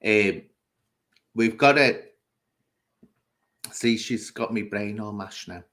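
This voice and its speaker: A man's voice: fairly low pitch, slow pace, a bit bright. A man hosting a casual livestream, bluntly scolding and answering viewers' comments. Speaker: livestream host.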